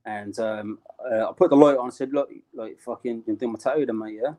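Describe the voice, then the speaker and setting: A man's voice: mid-range voice, a little fast, warm tone. A young British man telling a street story in casual, slangy talk, laughing along the way. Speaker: interview guest.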